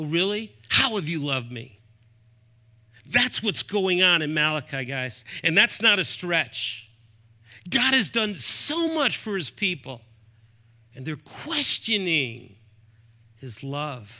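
Bright-voiced emphatic male pastor preaching. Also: on the high side. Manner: emphatic preacher, rising and dropping to soft asides; often quotes scripture references aloud. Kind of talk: sermon.

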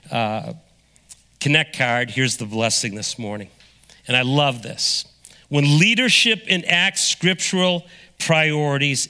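A man preaching a sermon as pastor, energetic and drawing the congregation into call-and-response. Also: on the high side. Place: church sanctuary. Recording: long reverb of a large hall.

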